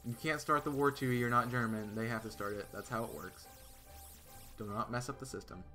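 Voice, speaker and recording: A bright, forceful male voice chatting loosely with his live chat as he plays a game. He rambles through stories and answers viewers, stumbling over restarts and fillers. Faint music plays underneath. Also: mid-range voice, fairly quick. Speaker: streamer. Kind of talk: casual live-stream chat.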